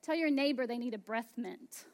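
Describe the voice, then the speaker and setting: A woman pastor in her thirties preaching a sermon, slow and emphatic, dropping to hushed asides. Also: fairly high pitch.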